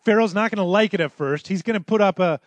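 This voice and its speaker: A pastor preaching to his church in a notably high male voice. He tells the story in a relaxed, conversational way and acts out the quotes as he goes. The sound is close and dry, with almost no room echo. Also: fast talker. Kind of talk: sermon.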